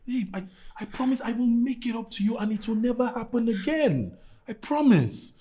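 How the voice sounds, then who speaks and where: An actor with a Nigerian accent playing a pleading young husband who stammers, in a film drama. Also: male voice, very high voice, expressive, normal speed, warm tone, slight background noise.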